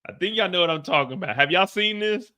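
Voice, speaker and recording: A man's voice: sits high, animated, fast talker, sharp tone. A man hosting a casual live reaction stream, talking in loose, profane, slangy banter and laughing often.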